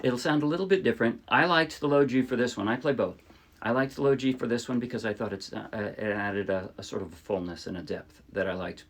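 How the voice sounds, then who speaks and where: A man's voice: mid-range voice, fast talker. A man teaching ukulele in a casual tutorial, explaining in a chatty, friendly way and often correcting himself mid-sentence. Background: his own ukulele playing.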